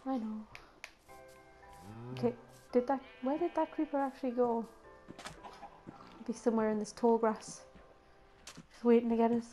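A woman with a high voice, still a little rough after a cold, talks her way through a game for her channel. She giggles easily and coaxes the creatures on screen in a sing-song voice. Game music plays clearly behind her. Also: fairly even intonation, normal speed, long pauses, mellow. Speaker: gaming channel host. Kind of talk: casual gameplay commentary.

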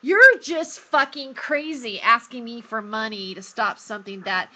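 A woman's voice: on the high side, unhurried, sharp tone. A woman telling a heated, profane story in casual live-stream chat. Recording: dull lo-fi phone recording.

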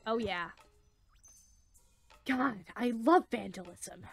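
A woman's voice: fairly high pitch, animated, unhurried, pauses often, bright, forceful tone, dry recording, faint music behind. A young woman doing playthrough commentary, playful and jokey, swearing freely and putting on silly voices as she reads the game's lines aloud. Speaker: let's player.

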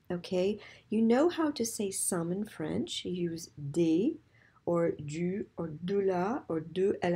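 Patient language teacher, middle-aged woman, dark mellow tone, repeats phrases slowly. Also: medium pitch, breathy edge. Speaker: French teacher. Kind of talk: recorded slide lesson.

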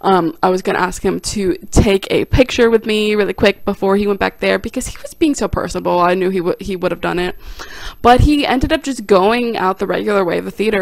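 A young woman, a stand-up comic, telling a casual storytime on her vlog with animated, self-deprecating delivery and quoted voices. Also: mid-range voice, brisk, gravelly, dry recording.

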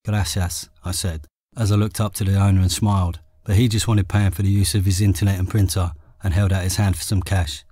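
A man with an English accent reading his own memoir as an audiobook in a steady, measured way. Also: sits low, no room sound. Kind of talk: audiobook narration.

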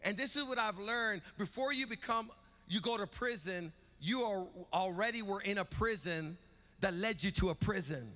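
Male pastor, high bright voice, rhythmic emphatic preaching, reverberant church hall. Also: normal speed. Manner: rhythmic preaching with rising emphatic build-ups. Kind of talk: sermon. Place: church sanctuary.

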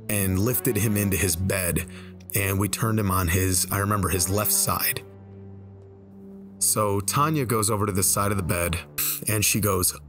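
A man telling a personal story in a relaxed, conversational way over gameplay, slowing down for the tense moments. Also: lowish voice. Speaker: storyteller and game video creator. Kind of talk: casual spoken storytelling. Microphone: desk microphone.

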